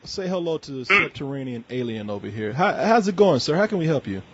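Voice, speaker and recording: A man's voice: fairly high pitch, very animated, a little fast, a bit bright, slightly rough. A man hosting a gaming call-in show who chats casually, jokes, and often stammers and restarts. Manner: loose, joking, stammers and restarts. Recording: slightly muffled lo-fi audio.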